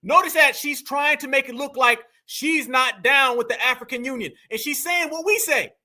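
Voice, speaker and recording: A man with a strikingly high, bright and forceful voice hosts a live stream. He talks emphatically and turns often to his chat. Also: moderate pace. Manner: emphatic, addresses the chat directly. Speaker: livestream host.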